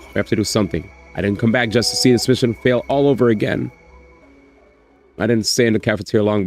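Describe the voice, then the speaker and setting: A man's voice: on the low side, darkish tone. A man streaming a visual novel, reading its lines aloud and joking in laid-back chat.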